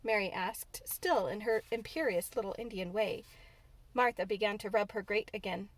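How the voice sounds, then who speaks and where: A woman narrating a classic novel in an expressive audiobook reading. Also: mid-range voice, normal speed, dry recording. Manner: expressive storytelling.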